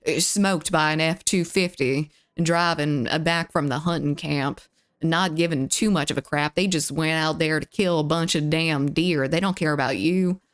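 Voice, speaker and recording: A woman's voice: sits low, moderate pace. A woman, rambling in casual chat with her live viewers and reading their messages aloud. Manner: rambling, lots of filler "like", reads chat aloud. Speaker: streamer.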